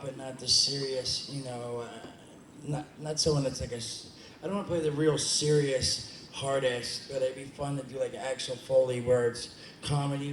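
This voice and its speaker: A man answering audience questions at a convention panel, rambling, joking and swearing freely. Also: mid-range voice. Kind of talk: casual audience Q&A. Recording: echoey hall with background noise.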